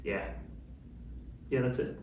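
A man giving a relaxed, upbeat how-to demonstration while handling gear in his home gym. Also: slow. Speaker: fitness vlogger. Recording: very echoey room, distant mic, faint noise.

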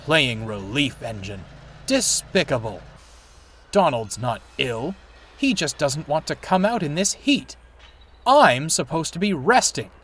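A man's voice: medium pitch, big pitch swings, slow pace, slightly rough, heavily acted. A man doing a pompous, grumpy steam engine. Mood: indignant. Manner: pompous, indignant. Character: proud, grumpy big male steam engine.

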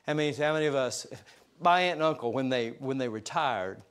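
A man's voice: medium pitch, lively intonation, fairly quick, fairly bright tone, smooth. A middle-aged man preaching to his congregation, folksy and full of joking asides. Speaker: pastor. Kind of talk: sermon. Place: church sanctuary.

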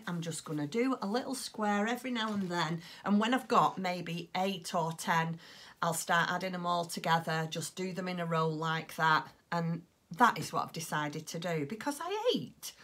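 A woman's voice: fairly low pitch, a bit bright. A woman chatting casually on her craft podcast, rambling along with plenty of ums. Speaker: crochet and knitting podcaster.

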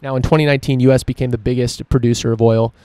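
Dark, flat-voiced ranting male podcaster. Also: medium pitch, very fast, smooth, no room sound. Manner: profane, emphatic ranting. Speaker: podcast host. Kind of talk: solo opinion podcast monologue.

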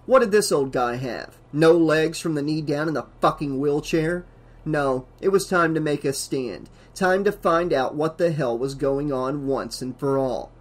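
Reading a horror novel for an audiobook from a script, a man with a higher-pitched voice goes a little slowly and pushes hard on every dramatic beat.

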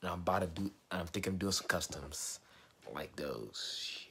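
A man's voice: low voice, measured pace, fairly bright tone, slight background noise. A young man vlogging casually from his bedroom about customizing sneakers, rambling and laid-back, sounding sick with a cold. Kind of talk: casual chat to camera.

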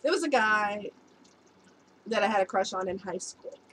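A woman's voice: mid-range voice, lively intonation, normal speed, a bit bright, slight background noise, poor audio. A woman, an adult past her youth, telling a personal story to her viewers in a casual, chatty way and laughing at herself. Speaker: vlogger giving relationship advice.

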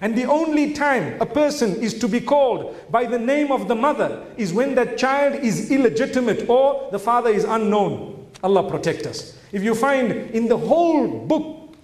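A man with a high voice delivers an Islamic religious lecture, earnest and explanatory, breaking into exclamations as he makes his points. His voice rings through an echoey room. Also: expressive, normal speed.

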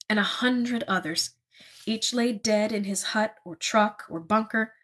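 A woman reading a novel aloud in a measured, expressive narrating voice. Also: on the high side, husky. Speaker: reader.

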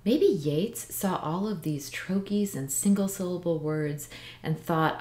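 A woman teaching how to write poetry in meter, speaking in a measured way and slowing down to stress the syllables of the lines she reads aloud. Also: lowish voice, a little mellow, roomy sound. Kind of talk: instructional lesson reading poems aloud.

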